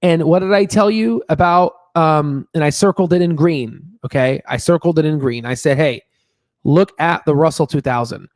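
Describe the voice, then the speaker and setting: A man's voice: a little high, moderate pace, a little mellow, dry recording, clean studio sound. A man hosting a stock market channel, talking casually and emphatically, repeating himself with lots of fillers and "okay?" tags. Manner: emphatic, repeats words, many fillers and tag questions. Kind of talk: casual stock analysis talk.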